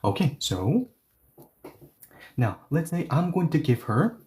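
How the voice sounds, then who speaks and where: A man teaches a language lesson in a lively, rising-and-falling voice. He explains each point step by step, leaning on casual "okay"s and "yeah"s. When he reads the example sentences, he slows right down so learners can follow. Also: on the high side. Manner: animated, explains step by step with many okays and yeahs.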